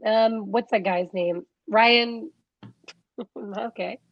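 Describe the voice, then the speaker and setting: A young woman co-hosting a casual podcast chat, talking in a chatty way with quick asides and frequent laughs. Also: a little high, steady tone, dry recording, muffled recording. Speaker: podcast co-host.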